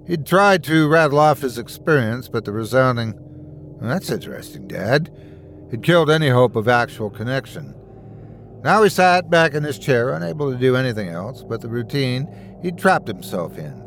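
Guy reading a scary story, steady and suspenseful, mid-pitched voice. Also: moderate pace, a little hiss or hum. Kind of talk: scripted horror narration.

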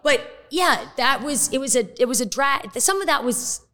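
A middle-aged woman speaking as a podcast guest in casual chat, candid and quick to swear. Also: high voice. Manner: candid, profane and animated.

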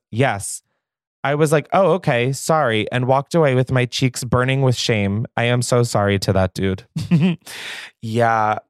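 A man's voice: mid-range voice, no room sound, studio quality. A man hosting a podcast, reading stories aloud in a profane, gossipy manner, jittery from caffeine and laughing often. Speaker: podcast host.

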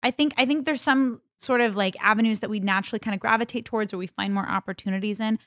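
A woman's voice: fairly high pitch, steady tone, fast, dry recording, clean studio sound. A woman co-hosting a podcast, talking in a casual, rambling, self-deprecating way. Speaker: podcast co-host.

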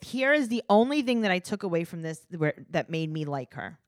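A woman's voice: fairly low pitch, big pitch swings, fairly quick, no room sound, clean studio sound. Sarcastic woman recapping reality TV. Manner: sarcastic, acts out voices of people on the show. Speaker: podcast co-host. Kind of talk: casual chat recapping reality TV.

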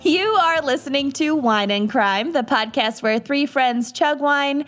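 A woman's voice: high voice, measured pace, fairly bright tone, faint music behind. A woman from Minnesota hosting a podcast and leading the casual chat in an easygoing way. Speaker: podcast co-host.

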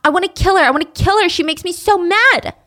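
A woman voicing an angry, rebellious teenage girl who curses loudly. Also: high-pitched, animated, moderate pace. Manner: loud, cursing, heated.

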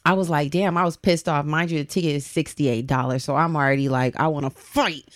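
A woman co-hosting a podcast, telling a story in an animated, blunt, casual way and swearing freely. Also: sits low, brisk, dry recording. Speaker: podcast co-host.

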